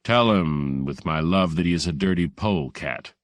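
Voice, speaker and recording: Haughty elegant gentleman, icy and contemptuous, very deep, read by a male narrator. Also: moderate pace, no echo, natural voice. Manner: icy, weary contempt, rich trained delivery. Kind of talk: audiobook character voice.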